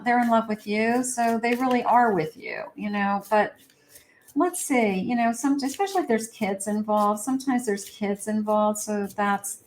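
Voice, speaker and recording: A middle-aged woman giving a tarot reading, who talks in a gentle, reassuring way and voices the feelings she reads for the viewer's partner. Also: medium pitch. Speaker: psychic tarot reader.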